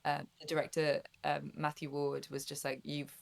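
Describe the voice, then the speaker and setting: Chatty lady voice actor, kinda low voice, laughs a lot. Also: completely flat delivery, moderate pace, creaky. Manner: bubbly and chatty, laughs often. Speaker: guest voice actor. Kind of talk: casual interview chat.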